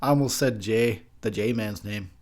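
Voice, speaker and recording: A man's voice: fairly low pitch, normal speed, a little mellow, natural voice. A man doing a sheepish Canadian guy. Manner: apologetic, ends lines with eh. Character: polite Canadian man catching himself.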